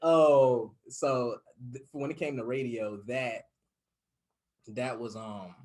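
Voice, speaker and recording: A young man who is a podcast guest, telling his stories in a casual, excitable interview chat. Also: medium pitch, slow pace. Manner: animated storyteller, excitable.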